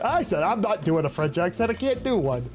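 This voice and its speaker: A woman's voice: lowish voice, very animated, a little fast. Young woman game streamer, casual chat, laughs a lot, swears, faint music behind. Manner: laughs often, swears, chats with viewers.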